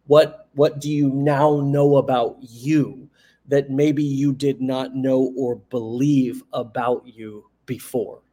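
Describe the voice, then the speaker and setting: A man's voice: medium pitch, steady tone, takes it slowly, dark tone. A man hosting a podcast, asking questions and giving short encouraging affirmations. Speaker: podcast host. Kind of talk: interview questions.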